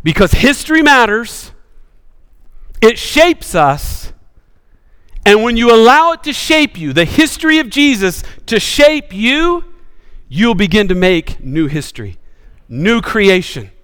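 Impassioned preacher man, high and lively. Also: slow, clean tone, in a large hall. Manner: impassioned preaching with sweeping rises and sudden hushed drops. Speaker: pastor. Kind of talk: sermon.

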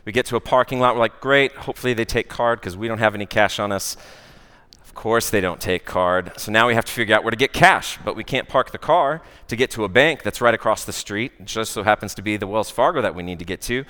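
A man with an American accent, a worship director giving a conversational sermon with a personal story, often pausing on "uh" and asking "right?". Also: on the low side, sharp tone. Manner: conversational, many "uh" fillers and "right?" asides. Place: church or worship hall. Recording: long church-hall reverb.

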